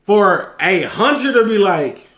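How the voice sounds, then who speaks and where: A man's voice: high-pitched, measured pace, roomy sound. A man co-hosting a casual reaction video, slangy and joking, acting out scenes as he talks. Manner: slangy, joking, animated storytelling. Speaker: reaction channel co-host.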